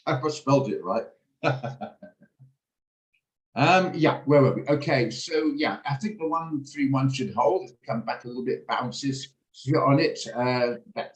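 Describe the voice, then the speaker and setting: Over a video call, a middle-aged man runs a trading room, chatting about trades in a rambling way with many restarts. The casual live commentary comes through in a medium-pitched voice, with reverberant, poor-quality audio.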